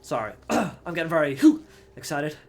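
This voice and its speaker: A young man hosting a gaming channel, giving let's play commentary; excitable, he yells at the game and swears. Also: a little high, normal speed.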